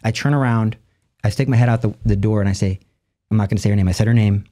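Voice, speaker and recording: A man, a lay evangelist, telling a story as a podcast guest, acting out the people he quotes with sudden jumps in pitch and rushing through his asides. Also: fairly even intonation, dark tone. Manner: acts out quoted voices with big jumps in pitch; rushes asides in quick bursts. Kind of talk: animated storytelling in conversation.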